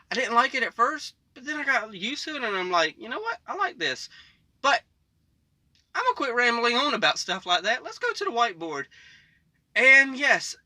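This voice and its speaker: A man with a high, very bright voice, rambling casually as he hosts a reaction video. He chuckles often and talks from the back of a parked semi truck cab. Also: no echo.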